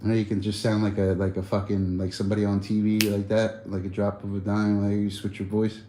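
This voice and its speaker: A man's voice: on the low side, monotone, brisk, warm tone, a little hiss or hum. A man chatting loosely on a livestream, rambling in slang and laughing often. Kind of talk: casual livestream chat.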